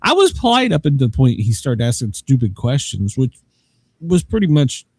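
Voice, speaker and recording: Animated rambling man. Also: medium pitch, moderate pace, slightly rough, dry recording. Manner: rambling, self-mocking, laughs often. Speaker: podcast host. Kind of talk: casual chat.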